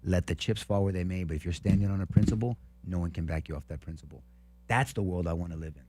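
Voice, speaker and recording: A man's voice: low-pitched, quick pace, a little mellow. A man co-hosting a talk show, giving a fervent, preachy monologue and repeating words as he gets worked up. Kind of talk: passionate opinion monologue.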